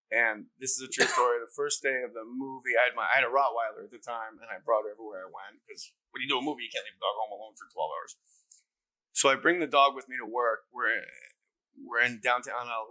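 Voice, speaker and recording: A man in his fifties from New Jersey, a comedian guest telling stories in a casual interview, animated and profane. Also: mid-range voice, fast, rough recording. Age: 50s. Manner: animated, profane, lots of laughter.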